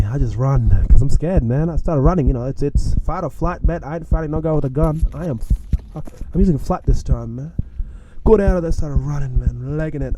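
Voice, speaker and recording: A young man telling a story from his own life in a casual, animated way, with slang and frequent chuckles. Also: medium pitch, muffled recording, noisy background.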